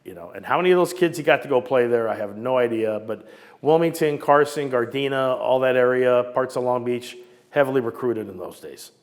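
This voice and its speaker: A man in his sixties from Southern California, telling old stories in a casual, lively way and acting out the people he quotes. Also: mid-range voice, fairly quick, long reverb tail. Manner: animated, acts out quoted voices. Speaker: storyteller recounting memories. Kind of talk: casual storytelling interview.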